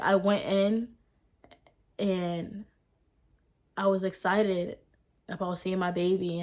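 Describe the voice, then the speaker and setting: Young woman telling an emotional story. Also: on the low side. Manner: casual and emotional, often addressing viewers as "y'all"; fast, filler-heavy speech with rising and falling intensity. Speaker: vlogger and mother. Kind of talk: personal storytelling vlog.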